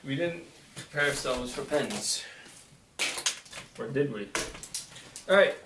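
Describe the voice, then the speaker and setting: A man's voice: mid-range voice, lively intonation, slow, very noisy. Joking young man in an echoey room. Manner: playful, joking. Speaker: snack review co-host. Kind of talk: casual chat reading trivia. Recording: echoey room, mic at a distance.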